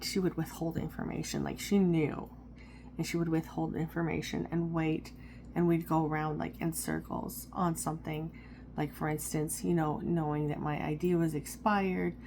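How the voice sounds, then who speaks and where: A woman's voice: deep voice, vocal fry, darkish tone, slight background noise. A woman vlogging from a parked car into a phone camera, talking candidly and rambling, with fillers and the odd swear word. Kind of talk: candid personal vlog.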